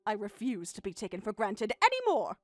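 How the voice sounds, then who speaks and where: A woman's voice: medium pitch, huge pitch swings, brisk, no room sound, voice pushed down. A woman voicing a bitter, hurt middle-aged mother in a dramatized text-story reading, speaking in a cold, sarcastic, clipped way.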